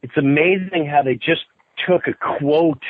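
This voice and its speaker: A man hosting a podcast, chatting casually and telling a story animatedly, jumping up high when he acts out quotes. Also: unhurried, no room sound. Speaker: podcast host. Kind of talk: casual interview chat. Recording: thin phone-like sound, dry.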